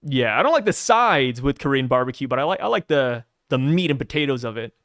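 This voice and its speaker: A man's voice: mid-range voice, animated, a little fast, a bit bright, no room sound, studio quality. A man hosting a casual podcast discussion, laid-back and jokey, poking fun at himself. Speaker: anime podcast host. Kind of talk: casual chat.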